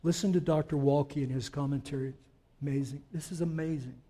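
Male pastor, fairly high voice, sermon delivery that swells into loud emphatic peaks. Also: normal speed, husky. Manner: swells from quiet explanation to loud emphatic declarations; conversational asides to the congregation.

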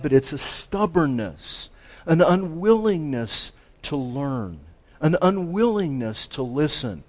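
A man's voice: a little high, a little mellow. A man preaching a sermon to a class, earnest and building to emphatic stress, often restarting his sentences. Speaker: pastor teaching a class.

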